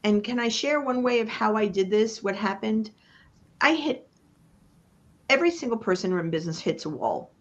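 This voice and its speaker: A woman coach gives a motivational talk on a live online panel. Her pitch sits in a middle range, and she hammers home points in chant-like repeats with dramatic pauses. The stream audio sounds a bit dull and lo-fi. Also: animated. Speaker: business coach guest.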